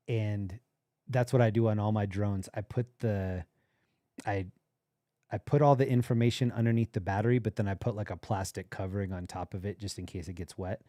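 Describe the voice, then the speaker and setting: Man, livestream host, casual storytelling, mellow tone, dry close sound. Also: on the low side, dry recording. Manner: rambling anecdotal, quotes people in his story.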